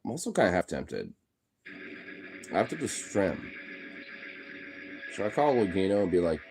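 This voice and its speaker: A man's voice: sits low, very animated, unhurried, long pauses, darkish tone, a little hiss or hum. A young man streaming casually from home, cooing baby talk at his pets and swearing freely. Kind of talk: casual live-stream chat.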